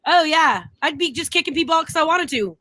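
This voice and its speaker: A young woman with a high, bright voice chats on a live stream and tells animated stories. She laughs often and acts out the quotes. The sound is close and dry. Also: fast, dry recording. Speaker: co-host. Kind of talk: casual live-stream chat.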